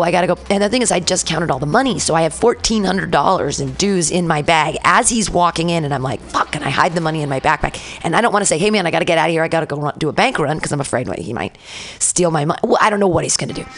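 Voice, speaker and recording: A woman host telling an animated story on a radio talk show, acting out the quoted lines. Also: lowish voice, gravelly, slight background noise. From San Francisco. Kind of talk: casual storytelling chat.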